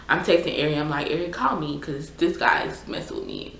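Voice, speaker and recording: A woman's voice: fairly low pitch, fast talker, hardly any pauses, slight background noise. Chatty woman telling a story. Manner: chatty, exasperated, filler-heavy. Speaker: YouTuber. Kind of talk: casual storytime. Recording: echoey room.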